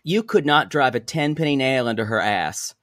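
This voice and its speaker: Male co-host, wry and chatty, says y'all, animated pitch, dry booth sound. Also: normal speed, no room sound. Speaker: podcast co-host. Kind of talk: casual recap chat.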